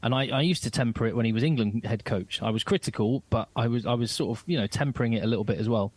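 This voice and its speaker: A man co-hosting a podcast in casual chat, animated and quick to jump in, with lots of restarts. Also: medium pitch, no room sound. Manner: animated, talks over his co-host, many restarts. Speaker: podcast co-host, radio presenter.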